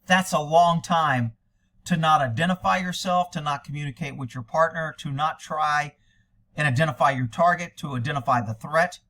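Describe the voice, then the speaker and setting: Indignant high-voiced American man ranting. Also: moderate pace, bright, forceful tone. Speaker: commentator reacting to police video. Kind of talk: commentary.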